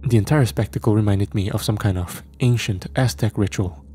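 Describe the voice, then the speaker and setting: A man narrates a first-person horror story in a measured, grim manner. His voice is low and mellow, with a dark tone. A faint hiss runs behind the recording.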